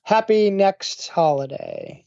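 A man's voice: sits high, wildly swooping pitch, takes it slowly, creaky, a little mellow, dry recording, dull audio. A man co-hosting a casual podcast chat, making brief dry remarks.

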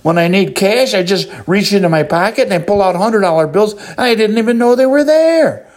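A man's voice: on the high side, big pitch swings, moderate pace, husky, pitched above the performer's own voice, exaggerated voice. A man voicing a polite, shy male golfer who stammers apologetically in a told joke.

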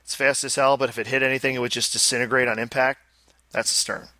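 A man's voice: medium pitch, level tone, sharp tone, no room sound. A man co-hosting a casual podcast, rambling and joking about pinball machines. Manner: rambling, joking, fast asides. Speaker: podcast co-host. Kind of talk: casual chat.

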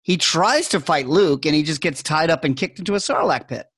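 A man co-hosting a casual chat, animated, laughing often and acting out quotes. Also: a little high, a little fast, husky. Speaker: podcast co-host.

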